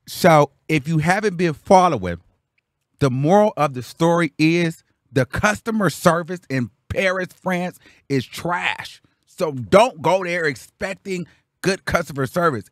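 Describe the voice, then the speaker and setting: A young man telling a story on his vlog, animated and loud when acting out what people said. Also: fairly high pitch, dry recording, studio quality. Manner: animated, acts out quotes loudly. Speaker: vlogger.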